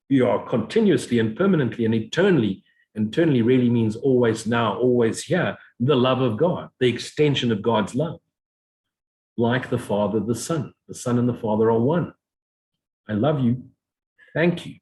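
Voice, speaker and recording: A middle-aged man giving a reflective spiritual talk as a teacher, slowly repeating affirmations in a meditative way. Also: mid-range voice, darkish tone, rough recording. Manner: slow, meditative repetition of affirmations.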